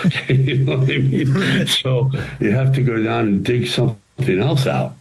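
An older man, an actor and writer, answering interview questions with animated stories and acted-out quotes. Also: mid-range voice, measured pace, poor audio. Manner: animated storyteller who acts out quoted lines.

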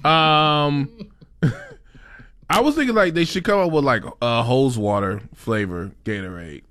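A man's voice: mid-range voice, animated, slow, fairly bright tone. A man co-hosting a casual podcast, chatting playfully about food and drinks. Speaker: co-host.

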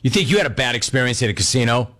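Lively sports radio host, man. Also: mid-range voice. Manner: fast talking, acts out other people's voices in quotes. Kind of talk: animated casual storytelling monologue.

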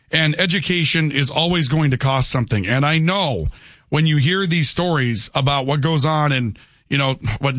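A man's voice: fairly high pitch, fairly bright tone, dry recording, clean studio sound. A man hosting a call-in radio talk show, chatty and argumentative, who keeps asking "okay" and rhetorical questions. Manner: conversational, repeats "okay" often, rhetorical questions. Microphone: studio microphone.

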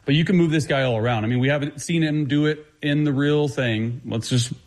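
A man who is a guest football analyst, talking quickly and confidently through his breakdown, with frequent restarts. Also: on the high side, a little mellow. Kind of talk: casual sports talk.

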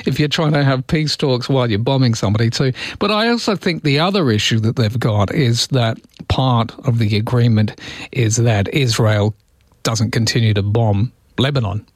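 A man's voice: medium pitch, no room sound, clean studio sound. A man hosting a morning radio show, chatting in a wry, rambling way with asides. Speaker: radio host. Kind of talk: casual morning radio chat.

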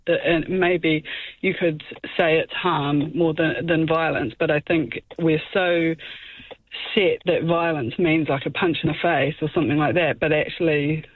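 A woman's voice: low-pitched, fairly even intonation, measured pace, husky, no echo. A woman calling in to a radio show, speaking thoughtfully with some hesitation. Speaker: caller. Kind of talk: casual phone-in chat. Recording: tinny phone line.

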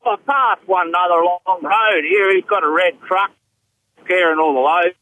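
A man's voice: sits high, moderate pace, sharp tone, dry recording, rough recording. A man with an Australian accent, a farmer phoning in to a radio show and chatting in a laid-back way. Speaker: caller, farmer. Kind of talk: casual phone-in chat.

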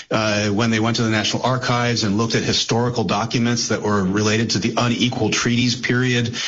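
A man's voice: medium pitch, a bit bright. A man as a guest analyst in a talk radio discussion, speaking thoughtfully with frequent hesitations. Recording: dull lo-fi broadcast audio.

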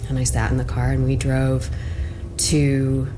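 A woman's voice: a bass voice, monotone, measured pace, music in the background. A woman interviewee recounting a personal story in a casual, loose way, full of filler words.

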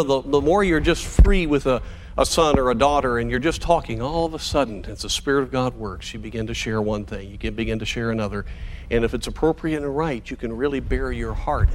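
An earnest man preaching a sermon at a steady, middle pitch. He slows down on the phrases he wants to stress. A faint room hiss sits under his voice. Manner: earnest, measured preaching with slowed emphatic phrases. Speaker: pastor.

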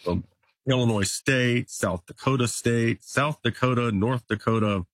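Guest sports reporter, male, husky voice, dry sound, chatty and numbers-driven. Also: mid-range voice, unhurried, no room sound. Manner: stat-heavy, conversational, occasional restarts. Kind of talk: casual sports analysis.

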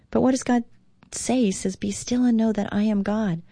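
A woman's voice: mid-range voice, moderate pace, mellow, dry recording, clean studio sound. A middle-aged woman hosting a devotional talk show, reading and reflecting in an earnest, encouraging way that rises with emphasis. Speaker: radio show host.

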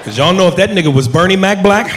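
A man doing stand-up comedy with punchy delivery and shouted punchlines. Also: sits high, expressive, fast. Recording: live audience and background noise.

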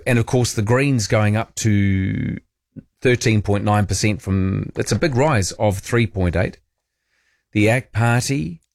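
A man's voice: mid-range voice, dry recording, clean studio sound. A man with a New Zealand accent hosting morning radio, chatting about the news with a joking, wry manner. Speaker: radio host. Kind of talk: casual morning radio chat.

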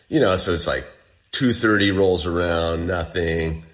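Deep-voiced and unhurried, this interviewee narrates a survival ordeal like a casual yarn. He's lively about it, voicing each quoted exchange himself.

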